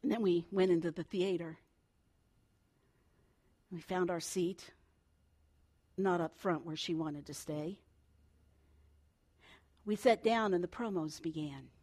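An older woman preaching a sermon, telling a family story with swings between hushed and loud delivery. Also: fairly low pitch, slow pace, long pauses.

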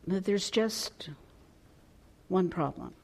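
A woman pastor preaching a storytelling sermon, expressive and at times dropping soft and hushed. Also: lowish voice, takes it slowly, gravelly, husky.

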